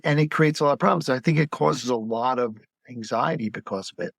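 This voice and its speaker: A man's voice: medium pitch, brisk, vocal fry, fairly bright tone, slightly rough, no echo, studio quality. A man who is a pediatric gastroenterologist, talking in a casual podcast conversation and telling stories as he acts out the voices of patients' parents.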